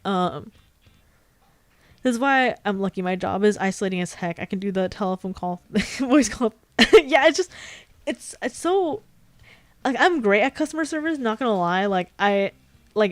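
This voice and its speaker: A woman's voice: medium pitch, no echo. A young woman with a Californian accent, rambling and giggling through a casual stream chat.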